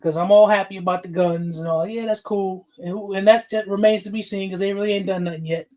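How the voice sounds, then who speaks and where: A man's voice: high-pitched, fairly even intonation, fast talker, a little mellow. A man hosting a casual livestream, greeting chatters by name, laughing often and getting fired up. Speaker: livestream host.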